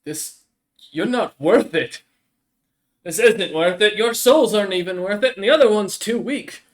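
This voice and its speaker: A menacing sentient blade speaking through a stolen body, as a man puts it on. Its voice sits a little high and rides up as it sneers. It is cold and contemptuous. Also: expressive, unhurried. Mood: dismissive.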